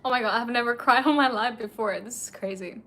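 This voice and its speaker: A woman's voice: a little high, a little fast, fairly bright tone. Tipsy young woman chatting on stream. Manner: emotional, tearful, answers chat questions. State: a bit tipsy. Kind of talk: casual late-night livestream chat.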